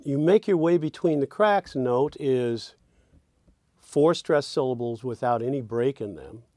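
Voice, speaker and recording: A man works through a song lesson at an unhurried pace, musing aloud as he goes. He softly sings and hums the lines he drafts, trying each one out. His voice is close and dry, with no room around it. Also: medium pitch, lively intonation, no echo. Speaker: songwriting teacher. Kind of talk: songwriting lesson, thinking aloud.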